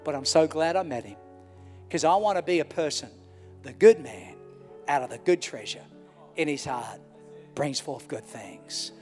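A middle-aged man preaches a sermon in a high-pitched voice, driving his points home by repeating phrases. His voice rings through a large church hall with a long reverb tail. Soft music plays faintly underneath. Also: lively intonation, moderate pace, pauses often. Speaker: pastor.

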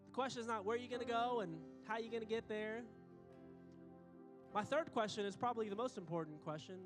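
A man preaching a sermon, emphatic, repeating phrases and building to excited peaks. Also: sits high, quick pace, over music. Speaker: pastor. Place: church auditorium. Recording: long hall reverb.

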